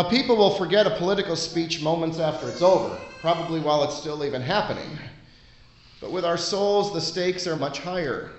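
A man preaching a sermon in an earnest, conversational way, pausing often between phrases. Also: a little high, roomy sound, a little hiss or hum, poor audio.

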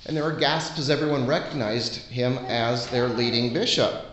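A man preaching a sermon in an earnest, conversational way, pausing often between phrases. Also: mid-range voice, a bit bright, reverberant, muffled recording, a little hiss or hum.

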